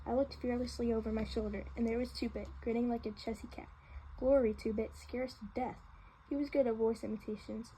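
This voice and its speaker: A woman's voice: fairly high pitch, warm tone, a little hiss or hum, rough recording. A woman reading a novel aloud in a casual way, with small slips and restarts. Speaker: reader.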